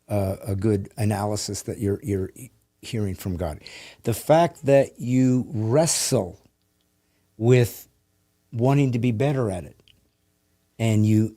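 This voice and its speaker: A man's voice: on the low side, mellow. A male podcast host talking in a thoughtful, explaining way. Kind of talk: reflective conversation.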